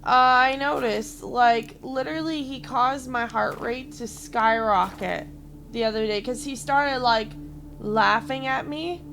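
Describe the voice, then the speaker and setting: A woman's voice: on the high side, a little slow, a bit bright, a little hiss or hum. A woman streamer venting to her chat in a heated, rambling way.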